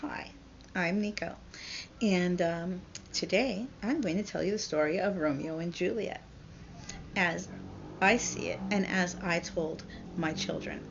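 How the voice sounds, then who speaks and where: A woman vlogger tells a story in a blunt, chatty, foul-mouthed way, like a parent venting. Her voice is gravelly at mid pitch. The recording is dull and lo-fi with faint hiss. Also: unhurried. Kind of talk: irreverent storytelling retelling.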